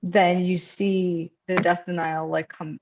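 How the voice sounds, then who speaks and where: A woman with a somewhat low voice chats as a guest author, loose and full of fillers, slipping into quick voices when she quotes people. The sound is dull and lo-fi, as if coming through a video call. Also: little pitch movement, a little mellow. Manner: chatty, many fillers, acts out quoted voices. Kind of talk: casual conversation.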